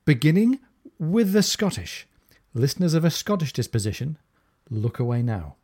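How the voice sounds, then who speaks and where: A man's voice: on the high side, moderate pace. A man hosting a podcast, chatting about a novel's humour and now and then reading lines. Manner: animated, reads quoted lines in put-on accents. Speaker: podcast host. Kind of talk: conversational book discussion.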